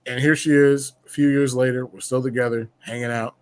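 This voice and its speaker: A man's voice: mid-range voice, a little fast, smooth. Brash, boastful storyteller man. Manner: boastful, profane, animated storytelling with slang. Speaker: podcast guest telling a story. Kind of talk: casual chat.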